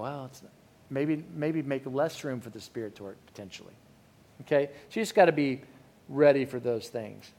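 A middle-aged man preaching a sermon in a candid, conversational way, often restarting his sentences. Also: medium pitch. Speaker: pastor.

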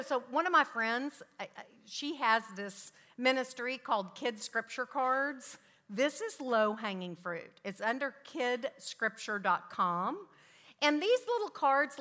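A middle-aged woman talks to a room of parents, spinning animated family stories and slipping into her children's voices as she goes. Her voice is bright and set a little high. Long reverb from a hall trails every phrase. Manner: animated storytelling, acts out her kids' voices. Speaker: Christian parenting speaker. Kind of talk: talk to parents with anecdotes.

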